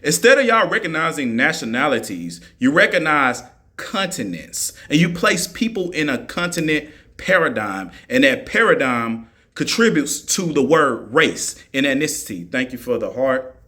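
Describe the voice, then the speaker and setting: A man's voice: on the high side, sing-song, normal speed, sharp tone. A man ranting on a live stream, mocking his listeners and firing the same rhetorical questions at them again and again. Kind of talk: argumentative live-stream rant.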